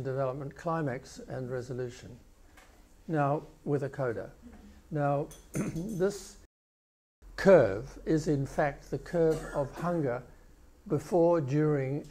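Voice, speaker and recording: An older male professor giving a conference keynote, explaining video clips with pauses and restarts. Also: medium pitch, mellow. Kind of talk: conference lecture.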